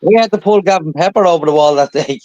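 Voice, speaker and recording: Higher-voiced man, dry sound. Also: fairly quick, a little mellow, lo-fi sound. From Ireland. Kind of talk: casual chat.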